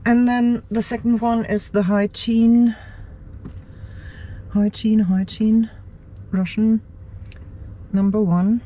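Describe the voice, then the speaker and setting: A woman's voice: a little high, flat delivery, slow, pauses often, mellow. A woman vlogger in her car's driver's seat, thinking aloud as she works. She mutters to herself, hesitates and repeats words. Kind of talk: thinking aloud while working on a computer.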